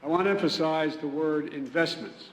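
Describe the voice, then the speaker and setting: A man's voice: on the high side, normal speed. Older American man speaking in echoey hall. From United States. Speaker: head of state giving remarks. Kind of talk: reading prepared remarks. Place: large conference hall. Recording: echoey hall with faint ambience.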